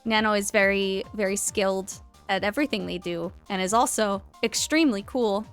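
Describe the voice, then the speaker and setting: A young woman's mid-range voice comes at normal speed over soft background music. She's chatting casually during a game live stream, giggling as she thanks followers and reads the game's lines.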